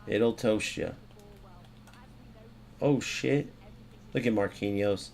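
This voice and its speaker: A young American man gives live commentary over his own football video game matches. He swears freely and swings from muttered asides to sudden loud outbursts. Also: on the low side, slow pace, gravelly. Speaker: gaming YouTuber.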